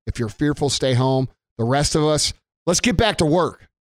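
A man's voice: a little high, animated, moderate pace, no room sound, clean studio sound. A man giving an angry, blunt rant to camera, swearing heavily and repeating himself for emphasis. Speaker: business owner. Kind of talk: profane political rant to camera.

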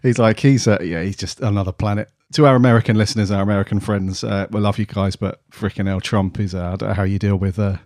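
A man's voice: on the low side, steady tone, fast talker, hardly any pauses, darkish tone, dry recording, clean studio sound. A man co-hosting a casual podcast, easygoing and laughing often, with casual swearing. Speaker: podcast co-host.

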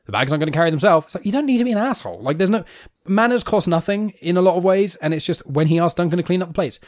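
British male podcast co-host, rapid-fire, excitable and rambling, dry close recording. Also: sits high, no room sound. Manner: animated, rambling, quick to laugh. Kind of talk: casual film discussion.

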